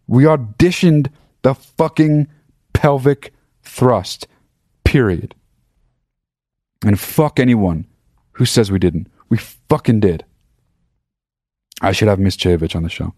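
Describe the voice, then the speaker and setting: A podcast host with a mid-range voice tells a story slowly, with long pauses, in a casual monologue that's rambling, profane, and animated. The recording is dry and studio quality.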